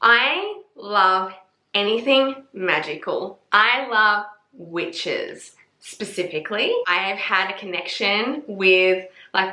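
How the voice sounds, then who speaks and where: A woman's voice: medium pitch, sharp tone. A young woman casually reviewing books on her vlog, gushing and emphatic, with frequent swearing. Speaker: book reviewer. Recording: echoey room.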